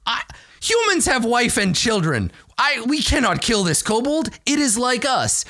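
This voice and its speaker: A man's voice: very high voice, a little slow. A man hosting an advice show on running role-playing games, talking casually and often ending points with "right?". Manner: animated, ends points with "right?". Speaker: game master advice host. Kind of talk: casual explanatory talk.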